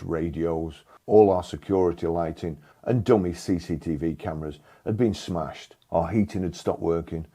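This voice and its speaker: Older man, deep mellow husky voice, deadpan first-person storyteller from England. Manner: dry, blunt, sardonic.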